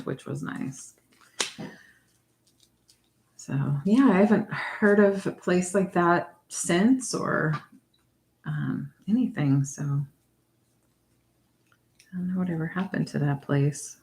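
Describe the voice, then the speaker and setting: A middle-aged woman with a low voice chats with her livestream viewers while she crafts at home. She talks in a relaxed, meandering way and answers their comments. A faint hiss sits behind her voice. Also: takes it slowly, pauses often. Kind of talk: casual chat with viewers.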